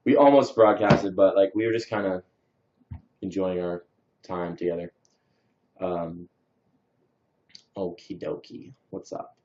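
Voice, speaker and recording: A man's voice: low-pitched, fairly even intonation, unhurried, pauses often, warm tone, a little hiss or hum. A young man casually rambling through a story and reading out viewer comments on a livestream, with lots of fillers. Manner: answers viewer comments and thanks them. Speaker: livestream host. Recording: dull lo-fi stream audio.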